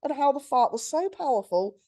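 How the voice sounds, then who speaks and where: A woman's voice: sits high, brisk. Chatty woman reading a story. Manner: chatty, giggly, animated storyteller. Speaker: podcast co-host. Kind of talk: casual chat, reading out a listener story.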